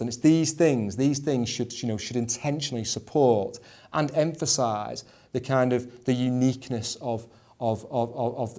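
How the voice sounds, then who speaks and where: A man's voice: mid-range voice, mellow. A man leading a discussion on leadership as a schools executive director, often stumbling over repeated words and filling with "you know".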